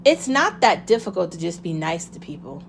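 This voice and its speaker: A woman's voice: lowish voice, big pitch swings, moderate pace, gravelly, a little hiss or hum. A woman talking straight to camera in a casual monologue, impassioned and blunt, swearing freely and asking herself rhetorical questions. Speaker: vlogger.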